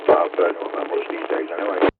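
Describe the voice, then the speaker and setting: Blunt manc bloke on cb radio, lowish voice, thin tinny sound, loads of hiss. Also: male voice, flat delivery, fast talker. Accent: Mancunian. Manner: blunt, swears a lot. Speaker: CB radio operator. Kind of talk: casual radio chat. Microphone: CB radio handset. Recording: noisy CB radio transmission.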